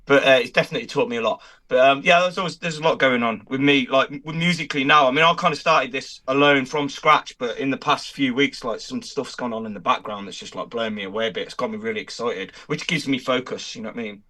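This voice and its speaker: A man's voice: medium pitch, quick pace, hardly any pauses, sharp tone. A man with a British accent, a musician guest chatting laid-back in an interview, filling his talk with "like" and "you know what I mean". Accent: British English. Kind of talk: casual chat interview.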